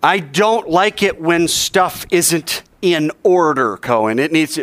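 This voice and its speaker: A man teaching a Bible class in a conversational way, asking rhetorical questions and dropping to hushed tones. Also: on the high side, takes it slowly, dry recording.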